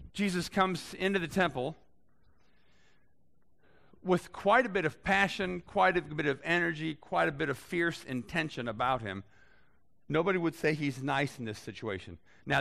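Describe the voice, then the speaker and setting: A man preaching a sermon in a conversational way, reading scripture aloud and adding lively asides to his listeners. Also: on the high side, vocal fry. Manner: conversational, animated Bible reading with voiced asides. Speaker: pastor.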